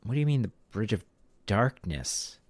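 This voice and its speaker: A man's voice: on the low side, sing-song, moderate pace, no room sound, pitched above the performer's own voice. A man voicing a curious, blunt young woman adventurer who fires off pushy questions. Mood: alarmed.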